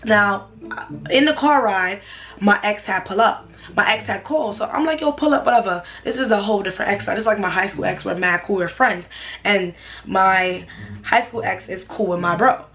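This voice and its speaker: A young woman, telling a personal story for her vlog in an animated, slangy way. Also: mid-range voice, normal speed. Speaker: vlogger.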